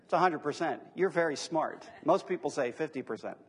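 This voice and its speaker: A man with a high, husky voice gives a lecture to a live audience. He talks conversationally and then slows down to repeat his key phrases for emphasis. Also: expressive. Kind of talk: classroom lecture on apologetics.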